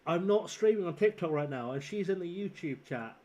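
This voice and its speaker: A man's voice: sits high, lively intonation, brisk, a little mellow. A young man streaming a game, chatting casually in a rambling, self-deprecating way and chuckling often. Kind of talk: casual gaming livestream chat.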